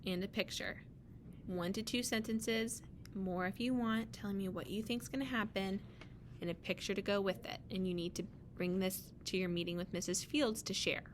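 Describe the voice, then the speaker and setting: A young woman teacher reading a picture book aloud to her students, gently pausing to ask them questions and give instructions. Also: mid-range voice, fairly even intonation, a little hiss or hum.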